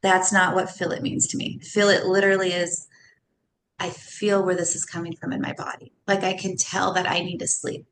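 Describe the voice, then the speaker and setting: This podcast guest is a somatic coach, a woman in her thirties who chats casually and with animation, frequently laughing between ideas. Her pitch sits fairly low, her delivery is flat, and she moves at a moderate pace. Background noise, roomy echo, and faint ambience come through.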